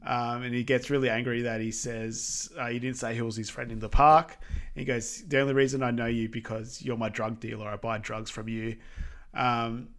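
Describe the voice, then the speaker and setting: A man in a relaxed podcast chat, walking through a film's plot with lots of ums and offhand asides. His voice sits at an ordinary middle pitch, and he keeps the tone loose and conversational. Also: moderate pace. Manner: rambling, frequent ums, laughs easily. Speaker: podcast co-host. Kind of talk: casual movie recap chat.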